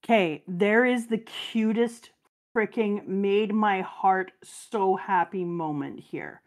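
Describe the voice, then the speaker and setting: A middle-aged woman reading a comic aloud to her child and chatting about it with enthusiastic, animated storytelling. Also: medium pitch, slow pace. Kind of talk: casual read-aloud and chat.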